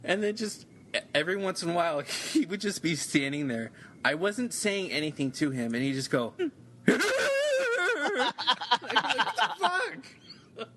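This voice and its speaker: A man's voice: on the high side, expressive, fairly quick, fairly bright tone, slight background noise. A man in casual podcast chat, telling a rambling story with lots of cursing and stammered restarts. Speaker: podcast co-host.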